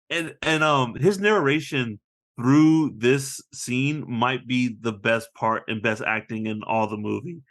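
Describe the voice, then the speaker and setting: Male podcast co-host, casual and animated, mid-range pitch, slips into playful impressions. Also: measured pace. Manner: animated, acts out movie lines in funny voices. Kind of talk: casual chat.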